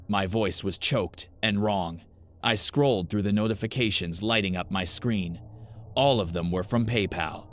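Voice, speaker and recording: Deep-voiced man narrating a horror story. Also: fairly bright tone, slight background noise. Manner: grim, measured storytelling.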